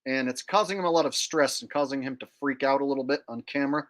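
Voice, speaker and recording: A man's voice: medium pitch, quick pace, fairly bright tone. A man hosting his own channel and giving a casual commentary rant in a sneering, boastful tone, swearing freely. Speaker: channel host.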